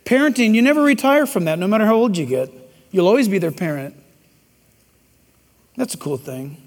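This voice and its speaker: High-voiced preacher man in a reverberant hall. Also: lively intonation, fairly quick. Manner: emphatic, joking asides, preachy. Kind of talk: sermon.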